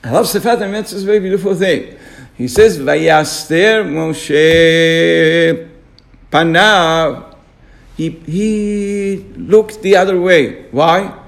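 High-pitched male rabbi, emphatic radio Torah talk. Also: takes it slowly, creaky. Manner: emphatic, acts out complaining questions.

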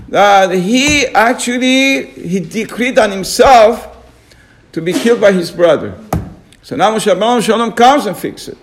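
Guy with a high voice teaching torah on the radio, acts out people whining why me. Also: unhurried. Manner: emphatic, acts out complaining questions.

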